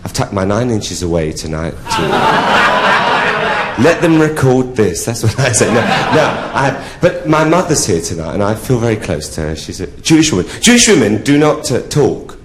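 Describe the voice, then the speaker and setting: Bawdy camp drag comic on stage. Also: male voice, medium pitch, wildly swooping pitch, moderate pace, noisy background. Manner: bawdy, camp, laughing at own jokes. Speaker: drag queen stand-up comedian. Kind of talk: live stand-up comedy. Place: theatre stage. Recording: echoey theatre with audience ambience.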